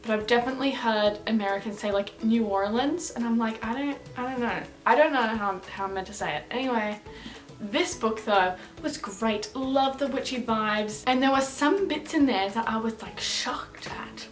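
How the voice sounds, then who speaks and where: A woman's voice: fairly high pitch, moderate pace, faint music behind. A young woman with an Australian accent, chatting casually and upbeat through a book review vlog, rambling with fillers. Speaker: book vlogger.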